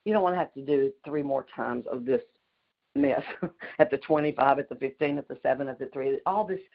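A middle-aged woman, chatting fast and laughing through a story on a group call. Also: very deep voice, creaky. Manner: fast-talking, chatty, laughs mid-sentence. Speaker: community call participant. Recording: dull lo-fi call audio.

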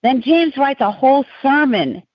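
A woman's voice: sits high, normal speed, no echo. Woman telling rambling stories, lo-fi podcast. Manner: rambling, animated, digressive storytelling. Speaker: podcast guest. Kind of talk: casual podcast storytelling.

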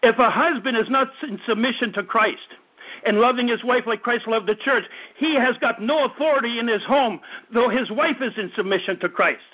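A man in his fifties with a very high-pitched voice delivers a fervent radio sermon at a moderate pace. He often stumbles, repeats words and restarts, and the broadcast sounds tinny and phone-like.

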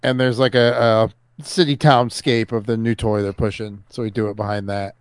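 A man co-hosting a podcast, telling a story in a relaxed, casual way. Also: on the low side, moderate pace, smooth, dry recording. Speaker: podcast co-host. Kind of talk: casual chat.

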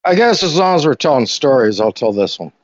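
Guy rambling through a story on a call, dry dull sound, clears throat a lot. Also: mid-range voice, very animated, a little fast, no room sound. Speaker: discussion group participant. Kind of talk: casual storytelling and explanation. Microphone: call audio.

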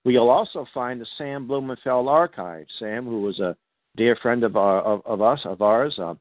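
This is a Boston-raised man hosting a talk radio show, rambling through his announcements with plenty of fillers and restarts. His voice sits in a middle pitch. The sound is dry and narrow, like a phone line. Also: moderate pace, dry recording. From Boston, USA.

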